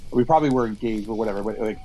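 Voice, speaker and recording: A man's voice: on the low side, rapid-fire, poor audio. A man co-hosting a podcast, telling a story animatedly among friends at a campfire, stumbling over restarts. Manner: animated storyteller, acts out quotes, stammers on restarts. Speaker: podcast co-host. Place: outdoors at a campfire.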